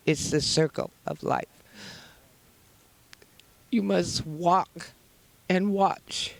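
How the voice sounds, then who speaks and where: A woman's voice: fairly low pitch, a little mellow, dry recording. A woman from New Mexico, founder of a wolf sanctuary, giving an earnest, emotional guided tour outdoors. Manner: emotional, earnest, talks fondly to the wolves. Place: outdoors at animal enclosures.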